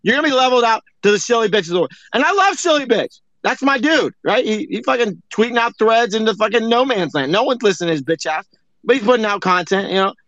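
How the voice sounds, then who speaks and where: A man's voice: high voice, lively intonation, fast talker, fairly bright tone, no echo. A man co-hosting an online audio chat, ranting in a profane, exasperated way over a dull lo-fi stream. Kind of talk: heated casual chat.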